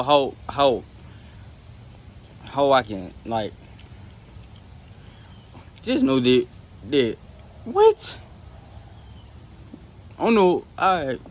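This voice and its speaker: A man's voice: mid-range voice, animated, slow pace, pauses often. Rambling earnest man telling a testimony. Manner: rambling and repetitive, many restarts. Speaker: storyteller sharing a faith testimony. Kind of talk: casual spoken testimony.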